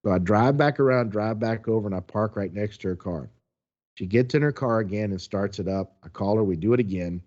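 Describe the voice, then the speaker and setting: A man casually telling a story as a podcast co-host, animated, acting out the quotes. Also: lowish voice, brisk, muffled recording.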